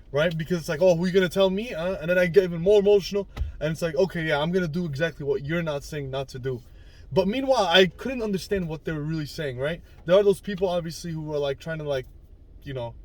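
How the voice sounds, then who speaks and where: Young male vlogger, slightly high voice, loose rambling talk full of fillers. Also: a little mellow. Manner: rambling, conversational, frequent "right?" and "like" fillers. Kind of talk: casual self-help monologue.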